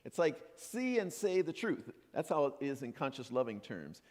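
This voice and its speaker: A man giving a sermon as minister, playful and animated, acting out imagined voices. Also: mid-range voice, moderate pace. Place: church sanctuary. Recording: long hall reverb.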